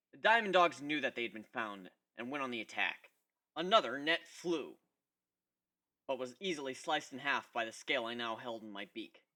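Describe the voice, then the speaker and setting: Narrating a piece of fan fiction in the first person, this man reads it dramatically. His lively, bright voice swings freely in pitch.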